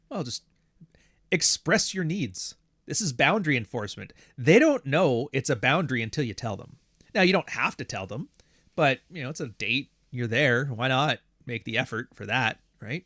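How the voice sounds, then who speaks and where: A man's voice: mid-range voice, lively intonation, moderate pace, fairly bright tone, no room sound, clean studio sound. A man hosting a casual livestream, reading super chats and answering in a blunt, profane, rambling way. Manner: blunt, profane, rambling, acts out other people's voices. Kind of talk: casual live-stream talk.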